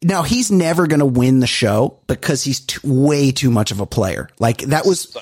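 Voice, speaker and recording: Podcast co-host, male, husky, animated storyteller acting out quotes, dry close recording. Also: medium pitch, normal speed, no room sound. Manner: animated storyteller, swears freely, acts out quotes. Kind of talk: casual chat.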